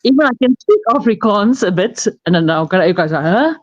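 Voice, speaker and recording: A woman's voice: medium pitch, animated, quick pace, highs cut off. South african lady chatting on her phone from bed, rambly, laughs a lot. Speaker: guest on a live stream. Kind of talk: casual chat. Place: lying on her bed at home.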